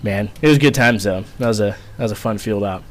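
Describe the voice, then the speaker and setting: A man's voice: fairly low pitch, quick pace. A young man casually telling a rambling, profane story, full of fillers and swearing. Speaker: vlogger, former Marine.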